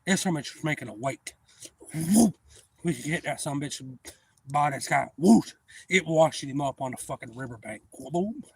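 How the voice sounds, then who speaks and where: A man's voice: on the high side, moderate pace, vocal fry, breathy edge, no echo. A man, telling a profane fishing story on his livestream. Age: 40s. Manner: profane, animated yarn-spinning. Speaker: livestream host.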